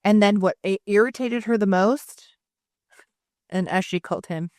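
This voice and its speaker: A woman in her thirties chats on a podcast, spinning animated anecdotes and acting out what others said. Her voice sits at a middle pitch, recorded close and dry with no room sound. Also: moderate pace, dry recording. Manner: animated storytelling, acting out others with laughs and swearing. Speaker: podcast co-host. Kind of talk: casual chat.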